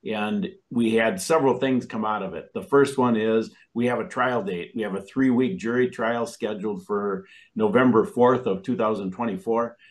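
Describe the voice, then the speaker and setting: A man on a video call as a talk show guest, speaking in a measured, methodical way, listing dates and facts. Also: on the low side, rough recording. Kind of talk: interview recounting a lawsuit.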